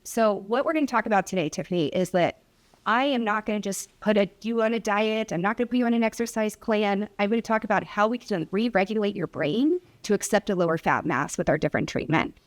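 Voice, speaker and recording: A woman's voice: mid-range voice, fast. A woman physician who specializes in obesity, presenting at a public hearing and telling a patient story with acted-out dialogue. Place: hearing room.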